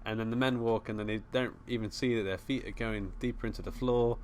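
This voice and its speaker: A man's voice: fairly low pitch, fairly even intonation, brisk, darkish tone. A man co-hosting a podcast, talking through a film plot in an easygoing, hesitant way, with many fillers. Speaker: podcast co-host. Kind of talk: casual film discussion.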